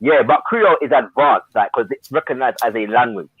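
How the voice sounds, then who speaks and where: A man talks quickly and restarts his sentences, his voice husky and heard through a dry, tinny, phone-like call-in line. He is chatting casually as a panelist on a live stream. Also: mid-range voice, no echo. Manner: fast, stumbling restarts, slangy.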